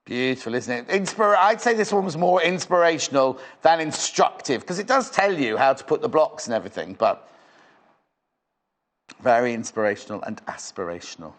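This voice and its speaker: A man's voice: mid-range voice, expressive, a little fast. A man presenting live on a shopping channel in a studio, with chatty, rambling sales patter.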